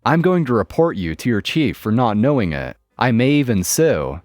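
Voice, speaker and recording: A man's voice: mid-range voice, very animated, normal speed, darkish tone, dry recording, clean studio sound, lightly acted. A man reading the lines of a bossy, entitled middle-aged mother in a domineering, indignant way.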